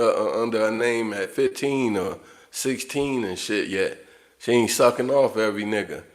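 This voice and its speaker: A man talking straight to his viewers in an unscripted livestream monologue, blunt, profane and repeating himself as he rants. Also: on the low side. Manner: blunt, profane, repetitive ranting. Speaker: livestream host.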